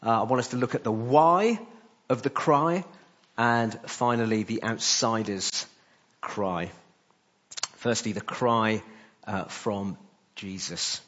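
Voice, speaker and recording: A man preaching a sermon, pausing often with "uh" between phrases. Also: lowish voice, fairly bright tone, highs cut off. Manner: frequent "uh" fillers between phrases.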